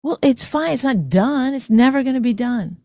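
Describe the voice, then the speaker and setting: A woman's voice: expressive, normal speed, dark tone, no echo. Dry, teasing woman on a podcast. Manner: teasing, dry, low-key. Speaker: podcast co-host. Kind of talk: casual chat.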